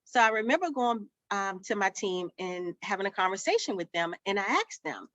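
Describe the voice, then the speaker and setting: A woman who owns a childcare business tells her story as a summit guest, a lively narrator who acts out the quoted dialogue. Her mid-range voice moves at a moderate pace. The recording is dry, dull, and lo-fi.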